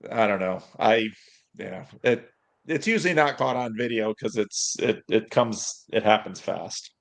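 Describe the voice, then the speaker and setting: A man who works as a pastor, chatting casually on a livestream in a reflective, halting way with many restarts. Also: on the low side, gravelly.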